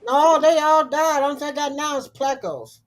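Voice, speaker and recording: A woman's voice: sits high, normal speed. A woman with a Southern US accent chatting casually on a call, drawling and laughing easily. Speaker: support group member.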